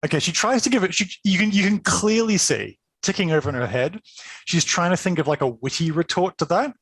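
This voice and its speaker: A man's voice: high-pitched, fairly quick, husky, dry recording. Chatty, enthusiastic man running a game. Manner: enthusiastic, chatty, full of fillers and laughs. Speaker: game master. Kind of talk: narrating a tabletop game.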